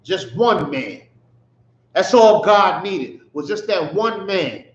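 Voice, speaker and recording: A man with a high voice leads a Bible study, teasing the verses with sarcastic mockery and frequent rhetorical questions. The sound is echoey and dull, like a lo-fi recording in a bare room. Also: expressive, slow. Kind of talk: street-style Bible teaching.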